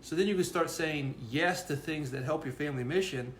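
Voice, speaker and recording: A man's voice: a little high, a little fast, echoey room, slight background noise. A man co-hosting a parenting talk, explaining in an earnest, casual way and often restarting his words. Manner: earnest, repeats words while thinking. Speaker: co-host presenting a parenting course.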